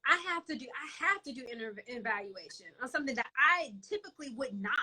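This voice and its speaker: A young woman guest in a casual interview, expressive and animated, often quoting her own thoughts. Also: high-pitched, fast. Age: young adult. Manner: expressive, animated, quotes herself, laughs often.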